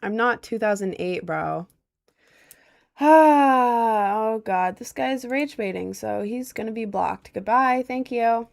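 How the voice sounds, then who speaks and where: A woman's voice: a little high, takes it slowly, vocal fry. A woman of about twenty from Maryland, chatting casually on a livestream and answering chat with lots of ums. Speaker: livestream host.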